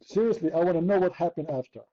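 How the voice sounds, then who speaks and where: A man's voice: on the high side, fast, dull audio. A man from the Middle East, hosting an online chat room debate in a sarcastic, mocking, argumentative way. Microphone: computer mic.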